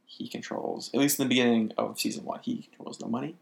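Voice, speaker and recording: A man co-hosting a casual chat, animated, swearing now and then and laughing often. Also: mid-range voice, fast, creaky. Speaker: podcast co-host.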